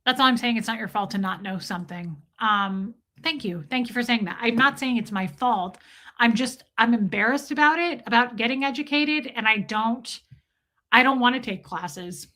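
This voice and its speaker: A woman's voice: fairly high pitch, normal speed, bright, forceful tone. A woman hosting a casual livestream Q&A, candidly answering chat comments and thanking viewers by name. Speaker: livestream host.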